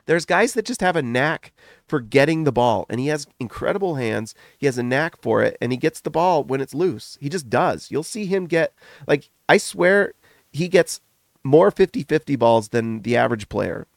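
A middle-aged man hosting a sports podcast, gushing in animated, rapid runs of casual commentary while still foggy from a recent illness. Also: mid-range voice, no room sound, studio quality. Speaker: podcast host.

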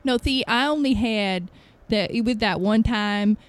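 A woman's voice: a little high, a little slow. A woman co-hosting a casual podcast chat, making bawdy jokes in a laid-back way and chuckling between lines.

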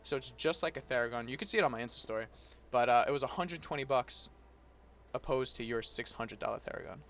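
A young man co-hosting a casual podcast from a home studio, excitable and swearing freely. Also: medium pitch, quick pace. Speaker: podcast co-host.

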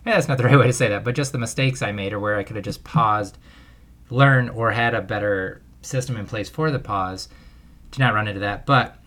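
A man's voice: on the low side, brisk, a bit bright. A man hosting a parenting podcast alone, telling a long story in a loose, rambling way and laughing at himself often. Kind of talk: casual solo podcast monologue.

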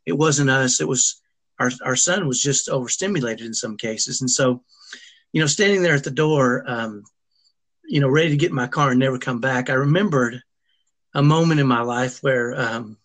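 As an interview guest, a middle-aged man recounts a personal story about his family in a mid-range, somewhat bright voice. Earnest and emotional, he stumbles along, often starting his sentences over.

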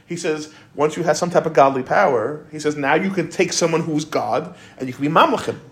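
A man's voice: on the high side, brisk. A man giving an informal Torah class, talking conversationally and quoting commentators.

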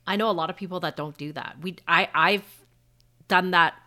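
A married woman co-hosts a podcast in casual conversation, speaking fairly quickly with a lowish, bright, forceful voice. She's open and personal, chatting away with lots of "like."

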